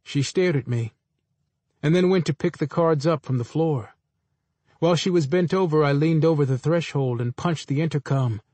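A man reading a first-person story aloud in a measured, dry storytelling manner. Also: a little high, darkish tone, no room sound. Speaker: narrator.

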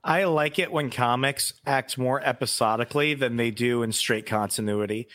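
Male podcast co-host, opinionated and chatty, middle pitch, dry recording. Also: normal speed, fairly bright tone, no echo. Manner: opinionated, conversational, with fillers. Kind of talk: casual comic book discussion.

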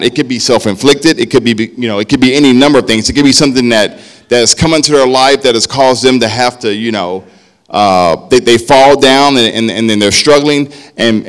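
A man preaching a sermon as a pastor, talking conversationally and often checking in with "right?", dropping softer when he talks about himself. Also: medium pitch.

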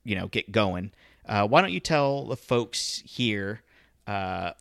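Low-voiced casual podcast host. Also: male voice, slow, gravelly, no echo, studio quality. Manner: relaxed, filler-heavy, conversational. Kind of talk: casual podcast chat with ad read.

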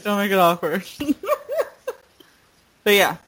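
A woman chatting casually with a friend, her voice moderate in pitch. She talks with lively enthusiasm and drops swear words freely. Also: slow pace. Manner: animated, swearing, emotional retelling. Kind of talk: casual chat.

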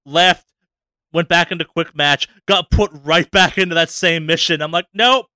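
A man co-hosting a podcast, rambling casually about a video game with many restarts and quick asides. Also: fairly high pitch, clean tone, no room sound. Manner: rambling, many restarts, animated voices for quotes. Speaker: podcast co-host.

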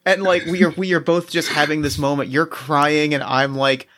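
A man hosting a casual chat, reading prompt cards and telling an improvised story with many restarts and animated bursts. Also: a little high, normal speed.

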